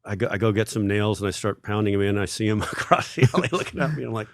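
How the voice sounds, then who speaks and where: Halting, self-deprecating man telling a story. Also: fairly low pitch, animated, dry recording, clean studio sound. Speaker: guest. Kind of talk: casual storytelling interview.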